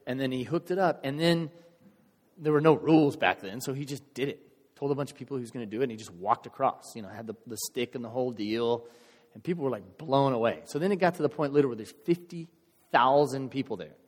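A pastor with a mid-range voice talks fast as he preaches a storytelling sermon in a reverberant church hall. His style is conversational and animated, and he acts out voices from the crowd.

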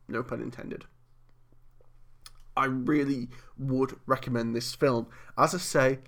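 A man's voice: medium pitch, fairly bright tone. A man hosting a solo podcast, giving an opinionated, conversational film review full of rhetorical questions. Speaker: podcast host.

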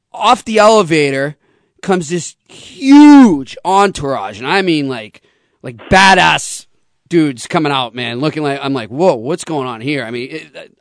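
A man hosting sports radio, telling stories in a chatty, excitable way and laughing often. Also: a little high, dry recording, clean studio sound. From Boston. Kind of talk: casual on-air chat. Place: radio studio.

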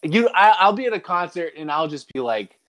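A man's voice: sits high, big pitch swings, a little fast, a bit bright. A man co-hosting a casual chat, joking and laughing easily, often poking fun at himself. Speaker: podcast co-host.

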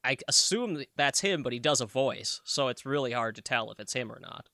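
Man, podcast co-host, casual and excitable, swears a lot, bright forceful tone, close and dry sound. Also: mid-range voice, a little fast, no echo. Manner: enthusiastic, swears freely. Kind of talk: casual chat.

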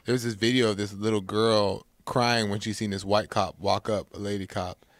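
A man speaks as a guest on a talk radio panel and recounts a story in an earnest way. His voice is on the low side and sounds dry and close to the mic. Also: level tone, moderate pace, dry recording. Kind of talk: casual talk radio discussion.

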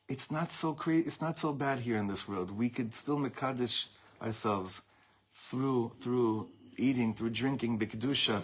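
A middle-aged man, a rabbi giving an informal Torah talk to a small group, telling animated stories with laughter and mixing Hebrew and Yiddish words into his English. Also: medium pitch, slightly rough. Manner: animated, rambling storytelling with frequent laughter.

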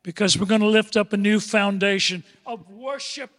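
Older high-voiced preacher in a reverberant hall. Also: male voice. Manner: dramatic preaching, drawn-out words, swings from loud to hushed. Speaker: pastor. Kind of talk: sermon. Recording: long echoing hall reverb.

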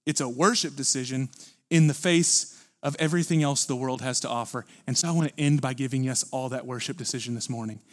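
A man preaching a sermon at a church service, earnest and building to forceful emphasis. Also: medium pitch, fairly quick. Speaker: pastor.

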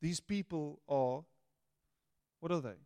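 A man preaching a sermon, playful and animated, slipping into little voices to act out quotes. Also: on the high side, slow, no echo. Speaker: pastor.

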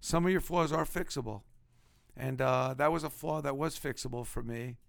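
A man with a Brooklyn accent tells stories from his life, animated and emphatic. His voice has a gravelly edge and sits at a middle pitch. The sound is dry, with no room echo. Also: moderate pace. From Brooklyn, New York. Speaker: guest. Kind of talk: casual storytelling.

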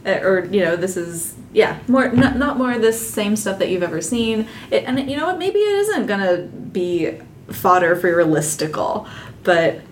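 A woman talks books on a podcast at a middling pitch, emphatic and enthusiastic. A faint rumble sits under her voice. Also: very animated, moderate pace. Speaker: podcast co-host. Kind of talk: casual book discussion.

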